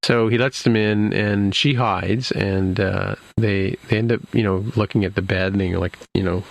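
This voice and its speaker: A man's voice: lowish voice, steady tone, normal speed, vocal fry. A man hosting a podcast, recapping a TV episode in casual chat, rambling with many restarts and fillers. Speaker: podcast host.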